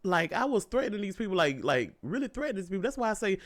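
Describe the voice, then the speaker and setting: A young man, telling a casual storytime monologue in an animated, profane way, repeating lines for emphasis. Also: sits high, racing.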